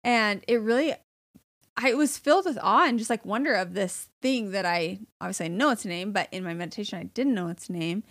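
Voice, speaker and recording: A woman's voice: mid-range voice, fairly quick, a bit bright. Woman, thirties, podcast co-host, casual chatty talk, laughs often, fillers. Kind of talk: casual chat.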